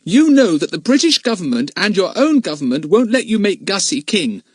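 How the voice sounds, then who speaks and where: A man's voice: high-pitched, big pitch swings, takes it slowly, no echo, studio quality, voice pushed up, exaggerated voice. A man voicing a fiery, defiant British schoolboy, speaking in a raised, indignant voice. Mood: furious.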